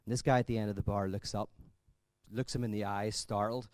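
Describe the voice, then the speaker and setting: A man giving a conference talk in a conversational, thinking-aloud way, telling jokes with lively energy. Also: on the low side, brisk, no room sound. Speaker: conference speaker.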